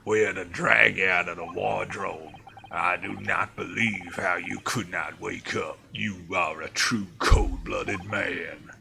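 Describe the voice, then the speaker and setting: A man voicing a gruff, stern police officer while reading game dialogue aloud. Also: low-pitched, fairly even intonation, takes it slowly, hardly any pauses, sharp tone, a little hiss or hum, pitched below the performer's own voice, full character voice. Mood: stern accusing. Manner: gruff, accusing, heavy broken English.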